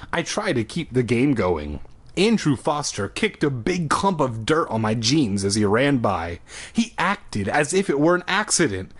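A man with a husky voice reads a children's book aloud at home for laughs. His pitch swings widely as he reads. He keeps breaking off into crude, sarcastic asides. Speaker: reader.

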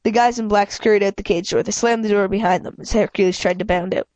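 A woman's voice: fairly even intonation, fast, a little mellow, dry recording. A woman reading a children's chapter book aloud, often stumbling and restarting lines and stopping to apologize. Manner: reads with frequent stumbles and restarts, voicing characters with raised pitch; apologizes and comments between passages. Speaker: amateur reader.

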